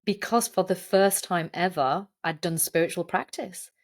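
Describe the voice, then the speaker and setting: A woman's voice: on the low side, moderate pace. A woman guesting on a podcast, telling her story in a candid, earnest way in casual interview chat.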